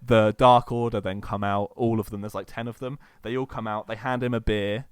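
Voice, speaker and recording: Brief: male podcast cohost, lowish smooth voice, dry close sound, eager rambling storyteller who acts out the quotes. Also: fairly quick, dry recording. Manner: excited storytelling, acts out quotes, many fillers. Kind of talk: casual chat.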